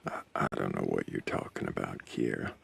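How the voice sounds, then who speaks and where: Male livestream host, gravelly fry, playful and chatty with the audience. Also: very deep voice, fairly quick, fairly bright tone. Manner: playful, riffing on accents and tongue twisters. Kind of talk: casual livestream chat, reading chat comments.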